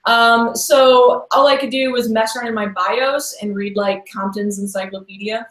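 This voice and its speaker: A woman's voice: on the high side, steady tone, normal speed, a bit bright. Chatty woman in an echoey room. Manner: rambling, chatty, heavy use of "like" and restarts. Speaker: podcast guest. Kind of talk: casual conversational interview.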